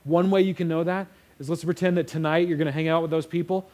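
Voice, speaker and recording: High-voiced young male preacher. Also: fairly even intonation, fast, a little mellow. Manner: casual storytelling, acts out quotes. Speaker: pastor. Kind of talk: sermon.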